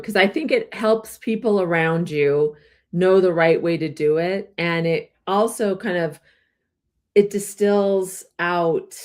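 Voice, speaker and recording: A woman co-hosting a casual podcast chat, relaxed and easy to laugh, reading questions aloud. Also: fairly low pitch. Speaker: co-host.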